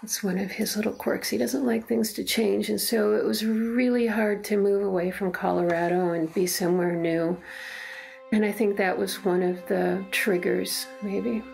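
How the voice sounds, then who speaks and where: A middle-aged mother speaks in a documentary interview, earnest and reflective, often pausing to find her words. Her voice has a gravelly, creaky edge at a middling pitch. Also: steady tone, a little mellow, faint music behind. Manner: earnest, halting, reflective storytelling. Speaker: mother telling her story. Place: in her own home.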